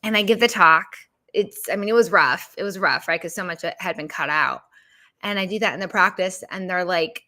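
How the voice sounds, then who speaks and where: Bright-voiced woman telling a story, exasperated. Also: fairly low pitch, fairly quick. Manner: emotional, animated retelling with exasperated rhetorical questions. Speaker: business legal coach and speaker. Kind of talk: live-stream storytelling.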